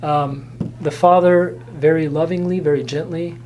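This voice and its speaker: Speaking as an Orthodox Christian, a man gives an earnest, informal teaching talk in short, gentle phrases. His voice is on the high side and his pace is moderate.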